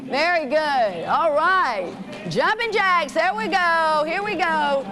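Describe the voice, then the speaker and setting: A woman's voice: high-pitched, animated, slow pace, pushed and bright, soft background music. A woman teaching a children's fitness class in a gym, encouraging and calling out names and commands. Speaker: physical education teacher.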